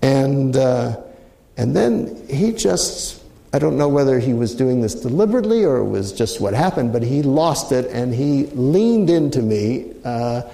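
A man's voice: mid-range voice, big pitch swings, a little slow, gravelly, dark tone. A middle-aged man, a mediator, telling an anecdote in a reflective way with frequent restarts. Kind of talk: storytelling talk. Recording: roomy echo.

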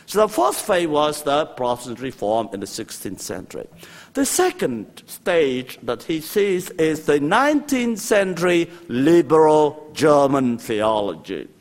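Older guy teaching theology, talks slow, voice goes up and down a lot, keeps checking with the class. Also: a little high. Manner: animated, repeats words, quotes and asides to students. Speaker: theology lecturer. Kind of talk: university lecture.

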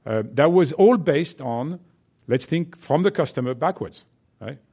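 A man's voice: a little high, animated, measured pace, gravelly, mellow, slightly rough. A man with a French accent, a company executive giving a chatty business talk to students, full of fillers and "right?" check-ins.

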